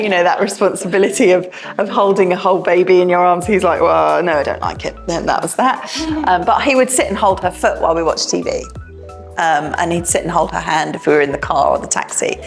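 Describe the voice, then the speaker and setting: Chatty woman with a low voice. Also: creaky. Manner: chatty and warm-hearted, with many fillers and restarts. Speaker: education director speaking to parents. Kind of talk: informal talk to parents, personal anecdotes.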